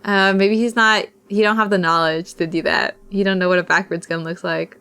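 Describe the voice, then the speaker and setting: A woman's voice: mid-range voice, fairly even intonation, moderate pace, bright, forceful tone, clean tone. A young woman streamer reading a visual novel aloud, with casual, self-deprecating asides.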